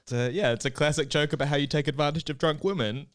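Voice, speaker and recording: A young man co-hosting a casual podcast, recounting events in a relaxed, dry way. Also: a little high, quick pace, smooth. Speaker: podcast co-host.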